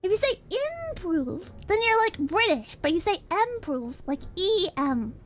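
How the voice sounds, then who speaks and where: A woman's voice: very high voice, very animated, normal speed, soft background music. A woman streamer chatting casually with her viewers, giggling a lot and bursting into shrieking laughter as she banters.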